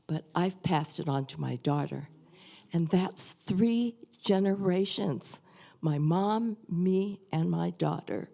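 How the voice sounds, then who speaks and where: An older woman shares a personal testimony before a church congregation. She speaks slowly in a low, mellow voice that is earnest and softly confiding. Her unhurried delivery suits the quiet setting. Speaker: church member sharing a testimony. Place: church sanctuary.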